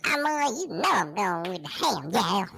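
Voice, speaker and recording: A man's voice: high voice, very animated, normal speed, vocal fry, pushed and bright, slight background noise, pitched above the performer's own voice, exaggerated voice. A man doing a brash, boastful male cohost voice in comic podcast banter, full of cocky trash talk.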